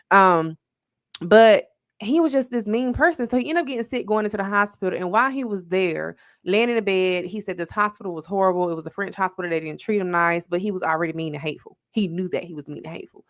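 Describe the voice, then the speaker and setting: Chatty American woman livestreaming. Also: medium pitch. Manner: chatty and animated, calling listeners "baby" and "friends". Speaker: livestream host. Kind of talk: casual storytelling to a live audience.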